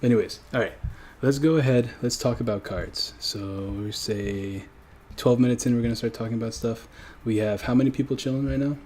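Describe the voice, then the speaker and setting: A man's voice: mid-range voice, steady tone, brisk, a little mellow, a little hiss or hum. A young man hosting a casual livestream, rambling and correcting himself as he chats with viewers. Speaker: livestream host. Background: faint background music.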